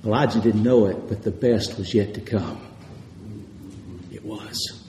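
A man's voice: on the low side, fairly even intonation, unhurried, mellow, slight background noise. A man preaching a sermon in a church with an emphatic, repetitive cadence. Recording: echoey hall with long reverb.

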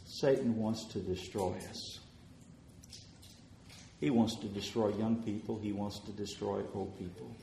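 A man preaching a sermon, telling stories of answered prayer and swelling louder as he retells people's words. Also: on the low side, fairly even intonation, unhurried, vocal fry, long pauses, roomy sound, a little hiss or hum.

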